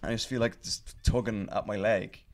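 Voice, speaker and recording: A man's voice: lowish voice, fairly even intonation, moderate pace. A man on a casual podcast chat, telling a long story in a rambling, profane way full of fillers and restarts. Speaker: podcast guest telling stories.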